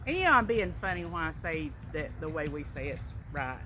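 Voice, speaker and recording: A woman's voice: low-pitched, big pitch swings, fairly quick, background noise. A woman with a Southern US accent, chatting casually and telling stories with a laugh. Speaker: vlogger doing an accent tag. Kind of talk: casual chat.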